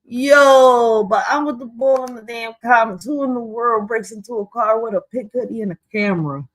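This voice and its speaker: A woman's voice: on the high side, moderate pace, no room sound, poor audio. Slangy woman reacting casually. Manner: profane, slangy, animated, frequent "yo". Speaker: reaction video host.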